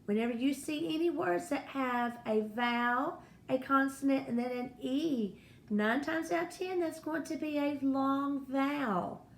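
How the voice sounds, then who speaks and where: Speaking a little slowly in a higher-pitched voice, a woman teaches first-grade phonics and spelling with patience and warmth toward the children. The space sounds echoey, with faint noise.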